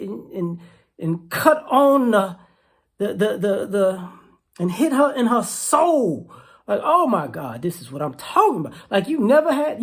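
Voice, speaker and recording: A woman with a fairly high voice talks to camera in a loose, rambling vlog. She teases her listeners and circles back over the same phrases again and again. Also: darkish tone. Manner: teasing, rambling, repeats itself. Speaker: vlogger. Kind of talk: casual commentary.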